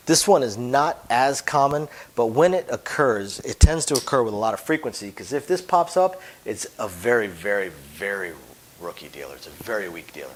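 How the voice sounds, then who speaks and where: A man who deals craps, giving an emphatic instructional talk whose phrases often fade to a quiet drop at the end. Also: on the low side, poor audio. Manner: emphatic, voice drops off at phrase ends.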